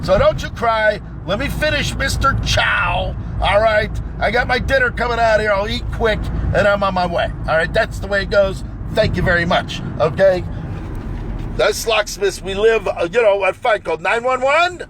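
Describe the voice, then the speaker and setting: A man holding forth in a loud, boastful live rant about his trade, shouting and whooping as he swaggers. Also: high-pitched, moderate pace, noisy background. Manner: frequent shouting and hollered whoops. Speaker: locksmith.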